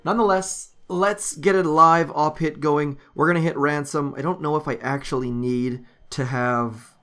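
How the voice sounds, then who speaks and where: A man's voice: a little high, steady tone, normal speed, a bit bright. A man giving casual commentary over his strategy game, thinking aloud with frequent ums as he walks through his base. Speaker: gaming YouTuber.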